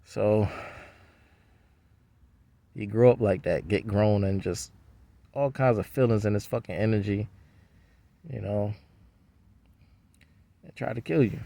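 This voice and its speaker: A man's voice: fairly low pitch, slow, gravelly, pauses often, mellow, no echo. A man rambling in a profane, slangy casual monologue. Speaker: vlogger.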